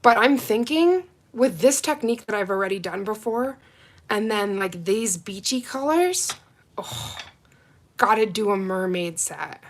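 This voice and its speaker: Slow-talking gushing woman streamer. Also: mid-range voice. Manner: gushing, excitable, chats with viewers. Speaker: nail art livestream host. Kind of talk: casual live unboxing chat.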